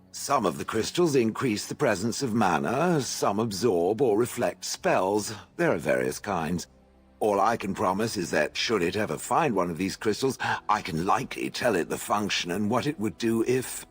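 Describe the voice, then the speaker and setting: Haughty male stone golem, video game character, posh, very deep, husky, lively pitch. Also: heavily acted. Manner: posh, refers to others as "it". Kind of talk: voiced game dialogue.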